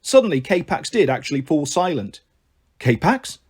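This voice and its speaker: A man reading a children's book aloud in an expressive, animated way. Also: high voice, normal speed, breathy edge. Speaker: storyteller.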